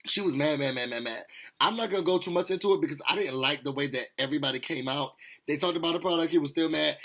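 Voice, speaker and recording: A man with a high, husky voice recaps a reality show in a loose, chatty way. He talks straight to his viewers, animated and sassy, full of asides and playful jabs. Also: quick pace. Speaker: TV recap host. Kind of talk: casual recap commentary.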